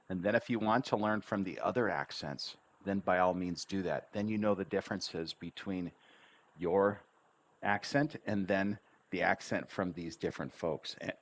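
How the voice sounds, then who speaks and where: A man teaching an English lesson on a livestream, chatty and encouraging, drawing out words slowly syllable by syllable. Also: on the low side, fairly bright tone. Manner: slow drawn-out syllable drills. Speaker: English tutor.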